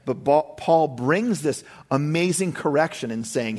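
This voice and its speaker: A man's voice: on the high side, animated, measured pace, hardly any pauses, a little mellow. A middle-aged man preaching a sermon as pastor, casual and conversational, with frequent asides to the congregation.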